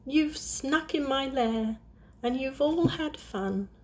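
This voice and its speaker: Woman doing a whimpering storybook bear, sulky and high, voice pushed well up. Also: animated, slow pace, a little mellow, slight background noise. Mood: wailing. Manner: whiny, sobbing complaint. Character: big sad male bear, sulky and whimpering. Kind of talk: storybook reading.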